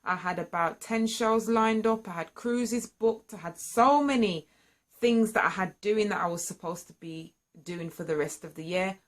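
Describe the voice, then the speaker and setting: A woman telling her own story to camera, candid and earnest, and lively when excited. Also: medium pitch, moderate pace. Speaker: singer sharing a personal story. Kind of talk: candid personal vlog storytelling.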